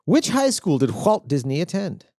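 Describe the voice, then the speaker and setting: A man's voice: a little high, very animated, moderate pace, mellow, dry recording. A man in his thirties co-hosting a comedy podcast, joking around while reading out quiz questions on a close mic. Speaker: podcast co-host, quizmaster. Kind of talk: casual comedy chat.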